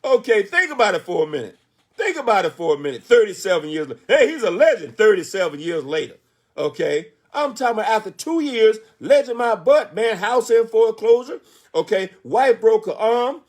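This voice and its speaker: High-voiced emphatic man in his 60s. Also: brisk. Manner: emphatic, animated storytelling with rhetorical questions. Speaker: motivational speaker. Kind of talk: motivational speech.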